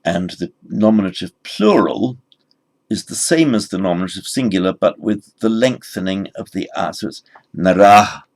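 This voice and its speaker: A man teaching a recorded grammar lesson, explaining word forms patiently and spelling them out slowly. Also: deep voice, animated, a little mellow. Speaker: language teacher.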